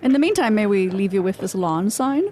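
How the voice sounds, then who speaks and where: Here is a woman playing a polite goblin lady going door to door, formal in her phrasing and quick to take offense. Her pitch sits in the middle range. It comes from an improvised comedy podcast. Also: expressive, darkish tone, lightly acted. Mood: earnest. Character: female goblin petitioner, earnest, touchy. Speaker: guest.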